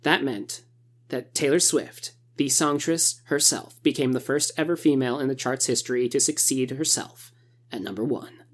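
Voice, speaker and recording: A woman's voice: extremely low pitch, normal speed. A woman co-hosting a casual podcast, playful, reading facts and breaking into squealing cheers. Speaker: podcast co-host.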